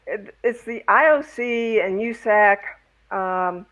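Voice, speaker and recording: A woman guest speaking slowly and haltingly in a casual interview. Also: mid-range voice, steady tone, a bit bright, dull audio. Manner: slow, halting, measured.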